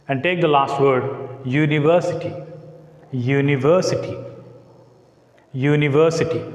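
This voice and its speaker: Slow-speaking Indian English male teacher. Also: a little high. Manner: slow, repeats words for drilling. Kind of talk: classroom lecture. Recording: echoey room with long reverb.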